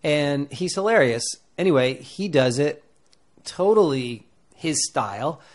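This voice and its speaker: A man's voice: a little high, unhurried. Rambling man giving acting advice. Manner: rambling, animated, many fillers. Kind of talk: casual talk to camera.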